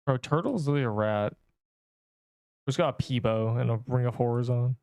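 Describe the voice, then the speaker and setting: A man's voice: mid-range voice, fairly quick, a little mellow, dry recording. Rambling, slangy man streaming a game. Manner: rambling, slangy, says "bro" a lot, swears casually. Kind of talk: casual gameplay livestream commentary.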